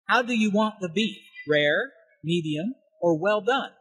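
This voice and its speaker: A man playing a polite restaurant waiter in a scripted dialogue for learners, asking brisk, courteous service questions. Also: sits high, animated, a bit bright, slightly rough, full character voice.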